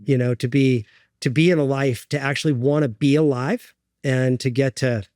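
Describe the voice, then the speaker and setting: A middle-aged man from the United States, a guest in an interview, telling his own story in an earnest, halting way with many fillers and restarts. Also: medium pitch, steady tone, darkish tone, no echo, studio quality.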